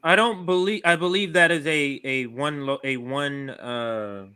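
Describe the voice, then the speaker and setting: Man, panelist, halting answers, bright sharp voice. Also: on the high side, clear, resonant tone. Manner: hesitant, halting.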